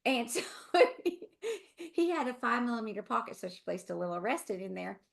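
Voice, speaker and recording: A middle-aged woman with a Southern US accent, her voice a little high, creaky and a little fast, with big pitch swings. She's a dental hygienist co-hosting a webinar, telling a story in a chatty, rambling way full of asides.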